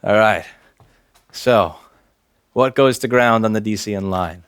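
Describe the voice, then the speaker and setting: A man's voice: fairly low pitch, unhurried, smooth, dry recording. A man in a repair workshop, explaining a circuit board fix live in a wry, profane way and talking to himself as he works. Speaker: repair technician.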